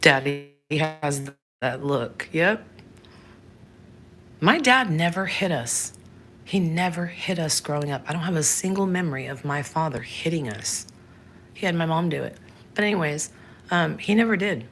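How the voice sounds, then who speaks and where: Lady in her 30s doing a live chat, low gravelly voice, a bit of hiss behind. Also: expressive, a little slow, fairly bright tone. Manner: chatty, frank, answers viewers by name. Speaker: livestream host. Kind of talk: casual livestream chat.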